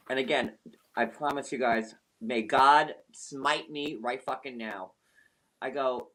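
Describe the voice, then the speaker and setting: A man hosting a live stream, telling a personal story in an animated, emphatic way with some swearing. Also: mid-range voice, measured pace. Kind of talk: casual storytelling.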